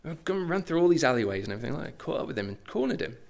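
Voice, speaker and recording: A middle-aged man preaching a sermon, conversational and animated, with asides and self-deprecating humour. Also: on the high side, rapid-fire, creaky. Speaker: pastor.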